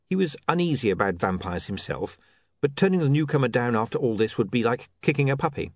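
A man narrating an audiobook in a wry, measured storytelling manner. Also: medium pitch, animated, dry recording, studio quality. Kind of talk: scripted narration.

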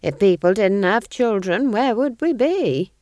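A woman's voice: mid-range voice, lively intonation, measured pace, a little mellow, no room sound, clean studio sound, voice pushed up, natural voice. A woman voicing an earthy, bawdy old female witch who talks defensively and sneers, now and then shrieking.

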